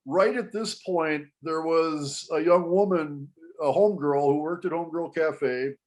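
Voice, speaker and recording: A man telling a story to an interviewer in casual panel talk, animated and often restarting his sentences. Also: a little high, a little slow. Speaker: guest storyteller.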